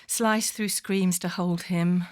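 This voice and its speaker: Soft-spoken woman, lowish voice. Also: steady tone, takes it slowly. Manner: intimate, often drops to a whisper. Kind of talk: spoken-word memoir narration.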